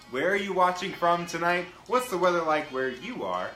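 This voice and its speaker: A man's voice: high-pitched, expressive, moderate pace, bright, forceful tone, roomy sound, faint music behind, poor audio. A man hosting his own live-stream show, chatting casually and greeting viewers by name in an upbeat way. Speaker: livestream show host.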